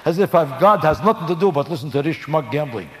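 A man's voice: fairly high pitch, fast talker, a little hiss or hum. Ranting New man comedian. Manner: kvetching, animated ranting with Yiddish words. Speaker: stand-up comedian. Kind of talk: stand-up comedy routine.

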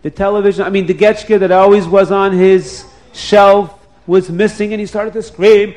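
A man's voice: sits high, fairly even intonation, normal speed, darkish tone. A man narrating a story to children, speaking expressively and addressing them directly.

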